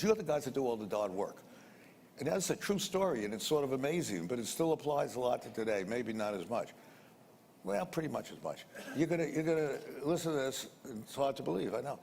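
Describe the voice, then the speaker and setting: A man's voice: medium pitch, darkish tone. Older man spinning a rambling tale. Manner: rambling, colloquial, repeats sound words. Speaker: interviewee. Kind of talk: anecdotal storytelling. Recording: reverberant room with faint noise.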